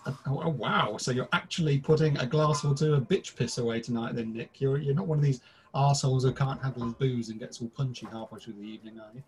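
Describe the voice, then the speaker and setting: A British man co-hosts a comedy podcast, theatrically delivering scripted, crude, mock-formal pub banter. His mid-range voice is slightly mellow with fairly even intonation, and he talks quickly.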